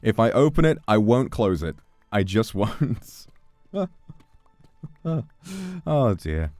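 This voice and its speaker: Casting note: young male streamer, low voice with a lively, bouncing pitch, playful and foul-mouthed, close dry mic. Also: no room sound, soft background music. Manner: playful, swears freely, quick restarts. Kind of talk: casual chat reading donations.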